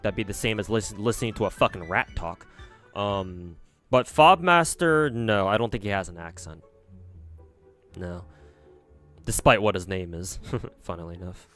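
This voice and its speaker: A streamer from the US talks casually on a livestream, answering viewers in a hesitant, rambling way with many restarts and some swearing. His voice is fairly low and a bit bright.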